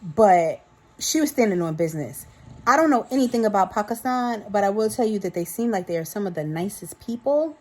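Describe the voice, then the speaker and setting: A woman in her thirties from New York with a New York accent, chatting casually to her viewers in an animated, tipsy vlog. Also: medium pitch, a little fast. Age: 30s. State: a little tipsy. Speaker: vlogger. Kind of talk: casual chat to camera.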